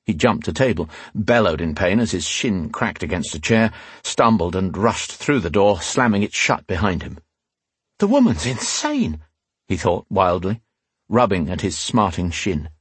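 A man reading a fantasy audiobook aloud in steady, scripted narration. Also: deep voice, moderate pace, slightly rough, no echo.

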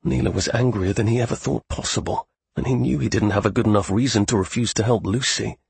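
A male narrator reading a fantasy audiobook in a steady storytelling style. His voice is gravelly and very husky. The recording is dry and close, with no room sound. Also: fairly low pitch, quick pace, no room sound.

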